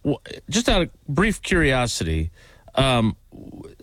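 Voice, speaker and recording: A man's voice: mid-range voice, wildly swooping pitch, unhurried, fairly bright tone, dry recording. A man co-hosting a sports talk show, dropping wry, teasing asides in casual chat. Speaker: sports radio co-host.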